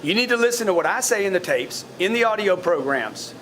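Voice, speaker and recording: A man with a fairly high-pitched voice lectures a room of salespeople in a blunt, profane way. He stumbles over repeated words as he pushes his point, and a faint hiss sits under the recording. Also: expressive, a little fast, a bit bright. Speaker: sales team leader coaching his staff. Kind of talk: blunt motivational coaching talk to a team. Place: in front of a live group of staff.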